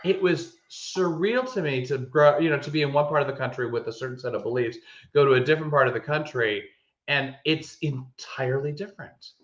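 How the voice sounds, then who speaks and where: A man co-hosting a podcast in casual chat, telling stories with animated emphasis and frequent restarts. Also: mid-range voice, fairly quick. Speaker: podcast co-host. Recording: echoey room, dull lo-fi sound.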